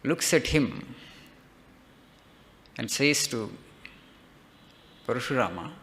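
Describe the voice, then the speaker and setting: A man's voice: medium pitch, lively intonation, slow, fairly bright tone. A man, a monk giving a spiritual discourse, retelling a legend with frequent "okay" checks and rhetorical lists.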